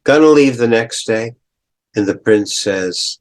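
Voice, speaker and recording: With a medium-pitched voice, an older professor works deliberately through a story in his lecture, pausing to clear his throat and slip in asides.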